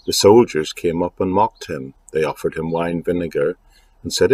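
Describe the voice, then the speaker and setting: A man preaching a sermon in an earnest, measured way, repeating key phrases for weight. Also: low-pitched, darkish tone, husky.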